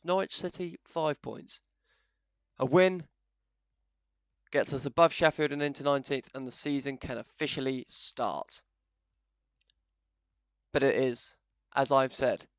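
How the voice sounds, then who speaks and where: A man hosting a gaming channel, commentating his video game in a chatty, self-mocking way that swings into loud excitement. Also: medium pitch, vocal fry, no echo, studio quality. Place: home setup, no camera.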